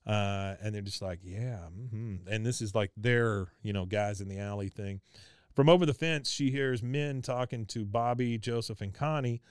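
Male podcast host, casual recap, smooth clear voice, dry close mic. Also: fairly low pitch, normal speed, no room sound. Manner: chatty, laughs often, many fillers.

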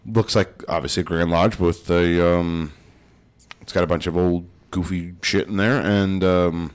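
A man's voice: low-pitched, fairly even intonation, unhurried, smooth. A man hosting a casual podcast, reading out list items and adding blunt, offhand comments. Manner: reads items out, then adds blunt offhand remarks.

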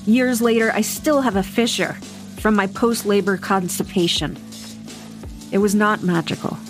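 A woman in her forties, an actress and author, talking frankly and with humor in an interview, sometimes swearing and telling lively stories. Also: mid-range voice. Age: 40s. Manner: frank, profane, animated storytelling. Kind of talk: candid interview conversation.

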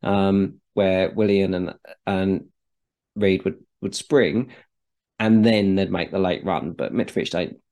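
A man's voice: deep voice, steady tone, slow pace, a little mellow. A man in casual podcast chat about football, talking loosely and repeating words as he restarts. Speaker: podcast co-host.

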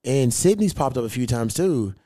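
A man's voice: mid-range voice, animated, normal speed, warm tone. A man, hosting a podcast in casual chat, telling loose stories full of slang and swearing. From United States. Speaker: podcast host.

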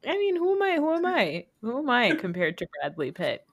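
A woman co-hosting a podcast in casual chat, expressive and teasing with quick reactions. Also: on the high side, no echo. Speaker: podcast co-host.

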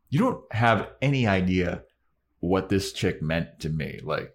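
A man's voice: low-pitched, measured pace. A man co-hosting a podcast, casually recapping an episode and acting out the characters' lines. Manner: animated, acts out character quotes. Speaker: podcast co-host.

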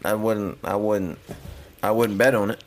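A man's voice: on the low side, steady tone, measured pace, a crowd in the background. A man co-hosting a podcast, joking in casual banter and arguing in a playfully stubborn way. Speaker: podcast co-host.

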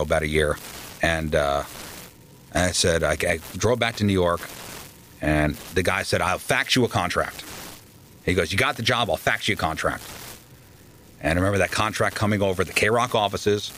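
Man, low voice, radio DJ, lively storyteller, faint hiss behind. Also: normal speed, long pauses. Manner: animated anecdotes, acts out quoted voices. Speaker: radio DJ guest. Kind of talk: casual storytelling interview.

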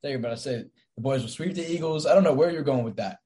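Excitable young man co-hosting a sports chat. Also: medium pitch, racing. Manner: enthusiastic, teasing. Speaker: podcast co-host.

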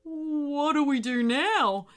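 A woman's voice: sits high, takes it slowly, voice pushed up. A woman voicing a hiding animal who fumbles for words hesitantly.

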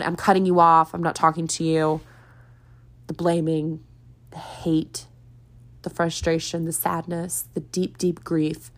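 Chatty woman spiritual podcast host, low-pitched. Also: gravelly. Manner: chatty, earnest, laughs often, lively. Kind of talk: casual solo podcast monologue.

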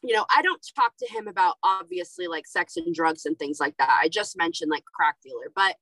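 A woman's voice: fairly low pitch, a little fast, dry recording, poor audio. A young adult woman hosting a podcast, telling candid stories about parenting in casual chat. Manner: animated storytelling, candid. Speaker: podcast host.

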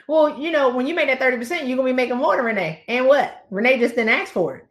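Woman guest coach, preacher-like animated delivery, echoey room sound. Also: high-pitched, quick pace, hardly any pauses. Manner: animated, acts out dialogues, preacher-like cadence. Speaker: guest coach on pay negotiation. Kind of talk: lively conversational advice on a live stream.

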